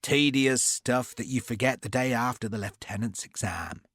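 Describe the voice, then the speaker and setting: A man's voice: mid-range voice, normal speed, fairly bright tone, no room sound, clean studio sound, lightly acted. A man doing a hearty Devonshire sea captain. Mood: affable. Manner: affable, chatty, rich-voiced. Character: cheerful, warm-hearted male naval captain.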